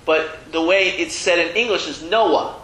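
A man's voice: fairly high pitch, a little slow, sharp tone, reverberant, rough recording. A man teaching a Hebrew reading class, chatty and self-deprecating, often restarting his sentences. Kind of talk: classroom lesson. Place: classroom with a board.

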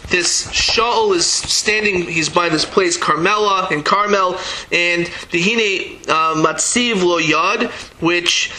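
Guy teaching torah verse by verse, pretty high bright voice, reads the then explains it, acts out the lines, bit of faint hiss behind. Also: slow pace, poor audio. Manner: reads Hebrew verses then explains them in English, acting out the dialogue. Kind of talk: verse-by-verse Bible class.

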